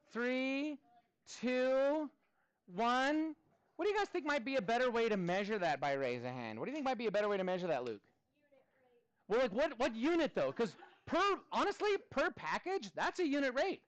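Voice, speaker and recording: A man in his thirties leads a classroom math lesson, his pitch riding high and swinging widely as he jokes with students. The sound is dry and close, with little room echo. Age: 30s. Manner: animated, playful, chatty with students. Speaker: math teacher.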